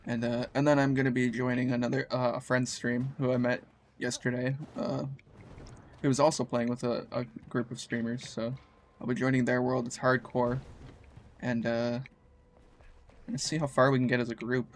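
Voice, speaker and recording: A man's voice: mid-range voice, flat delivery, normal speed, slight background noise. A man, casually chatting while streaming a game, with a groggy just-woke-up voice and a rambling, slangy, laid-back way of talking. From Canada. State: groggy morning voice. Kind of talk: casual chat while gaming.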